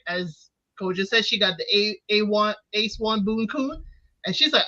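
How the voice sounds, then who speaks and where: Lively bright-voiced woman, lo-fi sound. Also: medium pitch, a little slow. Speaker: podcast co-host. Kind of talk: casual reality-TV recap chat. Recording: dull lo-fi sound.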